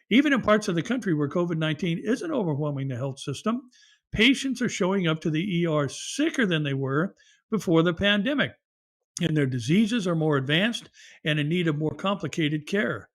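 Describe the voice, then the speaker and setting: A man's voice: a little high, big pitch swings, normal speed. Man in a news commentary monologue. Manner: reads news articles aloud with asides and fillers. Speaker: pastor and show host.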